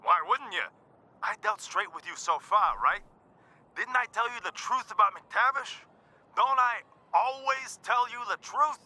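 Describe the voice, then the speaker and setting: A scheming cartel fixer with a high, bright, sharp-edged voice, selling his deal with loud, theatrical salesman patter. His pitch swoops up and down as he wheedles and flatters, and he plainly enjoys his own pitch. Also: unhurried, exaggerated voice. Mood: wheedling. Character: slick, scheming male cartel fixer on a radio. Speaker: game character.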